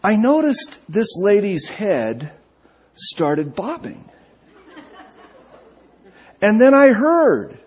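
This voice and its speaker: A man preaching a sermon, telling a humorous story with animated delivery, on a dull lo-fi recording. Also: sits high, extremely slow, pauses often, breathy edge.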